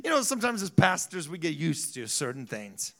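A man preaching a sermon as a pastor, telling self-mocking stories, laughing often and rising to loud bursts. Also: on the high side, very animated, fairly quick, vocal fry.

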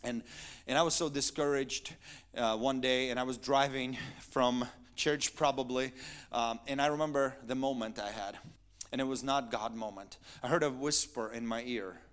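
A man preaching a sermon as pastor, animated and emphatic, repeating phrases to drive his points home. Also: medium pitch, moderate pace, smooth.

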